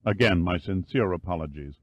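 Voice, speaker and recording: A male narrator voicing a confident, forward man who speaks gently with dry, teasing humor. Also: a little fast, no room sound. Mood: wry. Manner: gentle, teasing, low-key.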